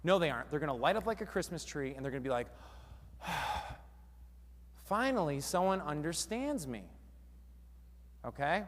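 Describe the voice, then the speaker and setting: A man giving a lively live seminar talk on stage, quizzing the audience as he goes. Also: fairly high pitch, fast talker, long reverb tail. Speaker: seminar speaker. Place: large hall with a live audience.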